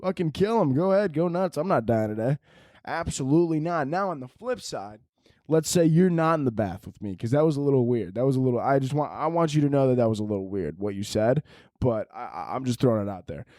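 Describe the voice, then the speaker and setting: A man hosting a solo podcast, rambling through a crude, profane comedic monologue with animated swings in his delivery. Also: medium pitch, fast, dry recording, clean studio sound. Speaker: podcast host.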